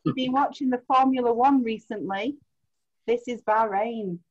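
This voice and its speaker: A woman's voice: fairly high pitch, normal speed, noisy background. Chatty woman hosting a quiz on a video call. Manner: chatty, laughs easily, stretches out answers. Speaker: quiz host. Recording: muffled lo-fi video call audio.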